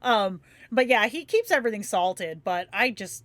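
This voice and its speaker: A woman's voice: mid-range voice, expressive, moderate pace, fairly bright tone, no echo. A woman from Phoenix hosting a livestream, chatting casually with viewers, laughing often and swearing freely. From Phoenix, Arizona, USA. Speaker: livestream host. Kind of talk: casual chat with live viewers.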